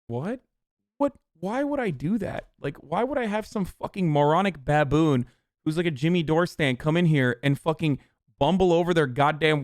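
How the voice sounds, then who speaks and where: A male streamer tears into politicians in a profane, sarcastic rant. His voice sits a little high, and it sounds dry and close with almost no room around it. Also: no echo. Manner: profane, mocking, ranting. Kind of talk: political commentary livestream.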